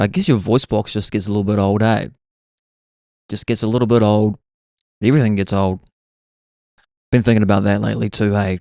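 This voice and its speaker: A man's voice: on the low side, vocal fry, warm tone, no room sound, clean studio sound. A young man, hosting a podcast and musing through a laid-back, self-mocking comic monologue. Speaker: podcast host.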